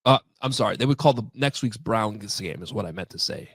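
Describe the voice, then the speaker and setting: A man's voice: on the low side, expressive, a little fast, a bit bright, breathy edge, no room sound. A man co-hosting a sports podcast, chatty and loose, with lots of fillers. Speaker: podcast co-host. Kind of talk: casual podcast chat.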